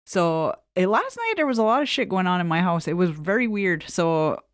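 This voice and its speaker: A podcast co-host with a lowish voice and big pitch swings speaks at a normal speed in a clean, echo-free studio recording. She tells a story in casual conversation full of swearing and laughter.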